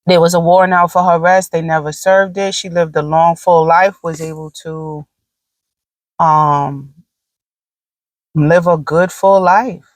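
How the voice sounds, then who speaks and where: A woman's voice: lowish voice, steady tone, a little slow, no echo, poor audio. Blunt, profane woman podcaster. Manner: rambling with frequent fillers and asides. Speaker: podcast host. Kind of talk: casual solo podcast monologue.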